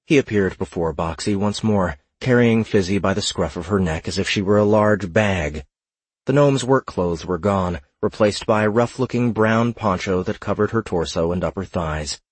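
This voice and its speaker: A man narrating an audiobook in a steady, measured reading. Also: sits low, slightly rough, no room sound.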